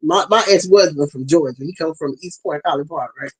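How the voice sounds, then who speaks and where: A woman's voice: deep voice, a little fast, breathy edge, poor audio. A woman with a Southern US twang, hosting an impassioned, preachy talk. She speaks fierily and emphatically, addressing her listeners directly. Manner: fiery, emphatic, talks straight to listeners. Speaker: host.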